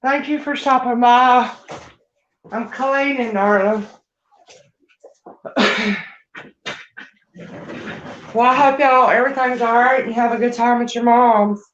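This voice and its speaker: Lady chatting to y'all while she mops, slow and a bit breathless, roomy dull phone sound. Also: fairly high pitch, steady tone, fairly bright tone, a little hiss or hum. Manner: chatty, folksy, addresses viewers as y'all. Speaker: vlogger. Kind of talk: casual live-stream chat while cleaning. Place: home, indoors. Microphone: phone set down while she moves around.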